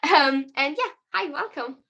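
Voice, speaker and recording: A woman's voice: high voice, animated, unhurried, creaky, bright, forceful tone. A young German woman, a non-native English speaker with a German accent, chatting tiredly on her livestream and answering viewer questions. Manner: chatty, reads comments aloud and answers them. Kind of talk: casual livestream chat reading viewer questions.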